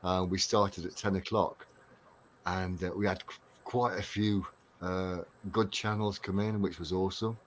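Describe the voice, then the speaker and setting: A deep-voiced English man from Derbyshire chats casually on a live stream, laughing easily and filling gaps with ums and uhs. He sounds relaxed and sociable. A faint background noise sits under the webcam audio. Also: unhurried. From Derbyshire, England. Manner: chatty, laughs often, many fillers.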